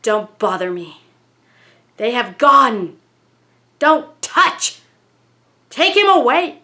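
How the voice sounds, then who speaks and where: A woman's voice: a little high, very animated, extremely slow, pushed and bright, voice pushed up, full character voice. A woman voicing a distressed male spirit who speaks through a medium, crying out in frightened, broken pleas. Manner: pleading, frightened, broken repeated cries. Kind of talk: dramatic story reading.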